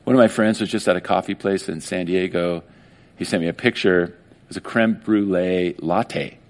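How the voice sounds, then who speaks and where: Animated conversational male preacher. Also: low voice, moderate pace. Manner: conversational and animated, acting out quoted voices. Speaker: pastor. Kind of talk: sermon.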